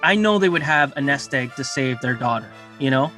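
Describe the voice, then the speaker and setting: A man's voice: medium pitch, expressive, fairly quick, pushed and bright, faint music behind. A man hosting a casual podcast, easygoing and emphatic, with many filler words. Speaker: podcast host.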